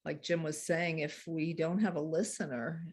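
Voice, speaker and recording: A woman coaching couples on handling conflict, explaining earnestly with soft laughs. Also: deep voice, steady tone, moderate pace. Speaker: relationship coach. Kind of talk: teaching a couples workshop talk.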